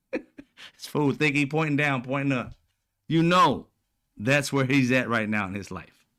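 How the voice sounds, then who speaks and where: A man's voice: mid-range voice, a bit bright. A man hosting casual political commentary, talking bluntly with profane slang and a mocking, sarcastic edge. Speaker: commentary channel host.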